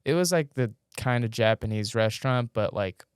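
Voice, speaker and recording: A man's voice: medium pitch, animated, normal speed, clean tone, dry recording, clean studio sound. A young man from North Carolina, a podcast guest, telling rambling anecdotes in a laid-back, slangy way. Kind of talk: casual storytelling chat. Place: podcast studio. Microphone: studio mic.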